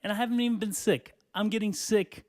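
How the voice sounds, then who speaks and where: Dude doing a solo podcast rant in his bedroom, kinda high voice, swears a lot, clears his throat, bit out of breath. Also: fairly even intonation, a little fast. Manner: rambling, profane, lots of "you know". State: out of breath and sweaty, standing. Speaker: podcast host. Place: small hot bedroom.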